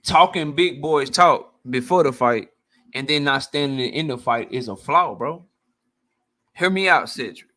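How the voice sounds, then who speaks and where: At a measured pace and medium pitch, a man who hosts a boxing channel answers his live chat casually and with animation. His commentary is blunt, profane, and thick with slang.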